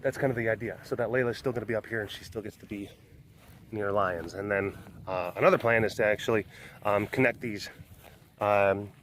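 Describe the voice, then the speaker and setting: A man's voice: on the low side, a little fast, a bit bright, a little hiss or hum. A young man chatting upbeat and rambling as he walks around an outdoor big cat compound. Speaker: animal sanctuary vlogger. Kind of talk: casual walking vlog.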